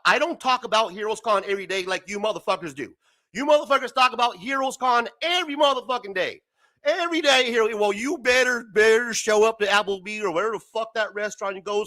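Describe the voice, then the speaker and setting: Male host, high bright voice, swings up and down a lot, profane heated rant. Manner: profane, heated, laughs often. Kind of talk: ranting live-stream talk.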